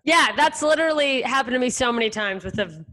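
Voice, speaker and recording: A woman's voice: sits high, expressive, fairly quick, fairly bright tone. A woman hosting a podcast, chatting casually, laughing often and swearing freely. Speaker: podcast host. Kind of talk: casual chat.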